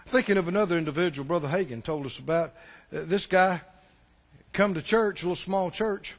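A man preaching a sermon, telling stories and swinging between loud passages and hushed ones. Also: sits high, brisk, long reverb tail. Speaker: pastor.

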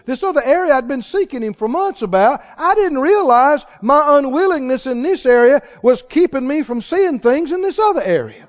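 A man preaching a sermon, telling stories in an animated way and chuckling often. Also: very high voice, a little fast, few pauses. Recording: reverberant hall, muffled sound.

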